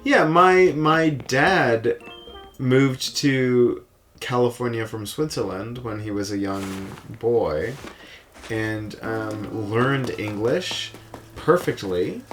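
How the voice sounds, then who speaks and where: A woman's voice: a bass voice, takes it slowly, soft background music. A young woman co-hosting a let's play, speaking frankly and casually, often agreeing and swearing offhandedly. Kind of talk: casual chat while gaming.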